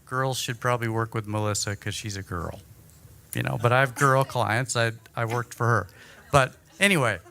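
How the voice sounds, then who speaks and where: A man giving an energetic, chatty breakout-session talk at a conference, joking about himself. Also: medium pitch, normal speed, vocal fry, slight background noise. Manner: energetic, chatty, self-deprecating. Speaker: workshop speaker. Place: conference room.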